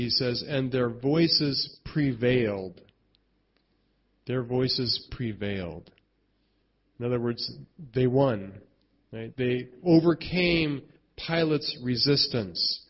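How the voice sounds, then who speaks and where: A man's voice: medium pitch, highs cut off. A man preaching a sermon in a conversational way, often asking "right?" and restarting his sentences. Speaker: pastor.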